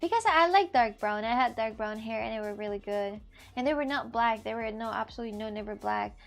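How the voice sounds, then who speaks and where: A woman streamer in a casual live chat, joking and laughing easily as she answers her viewers. Her voice sits a little high, with faint music playing underneath. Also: brisk, gravelly.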